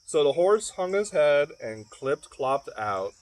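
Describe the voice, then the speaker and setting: A man's voice: a little high, big pitch swings, measured pace, a little mellow. A man reading a children's picture book aloud, with playful, chatty asides to the young listeners at home. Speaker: library storyteller. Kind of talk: children's story read-aloud.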